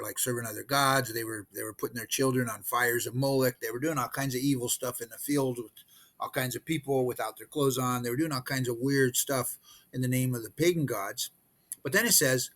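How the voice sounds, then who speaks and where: A man's voice: mid-range voice, fairly bright tone. A man preaching an informal, conversational sermon, reading scripture aloud and explaining it with frequent restarts. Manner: conversational, halting, with many restarts and fillers. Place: missionary post abroad.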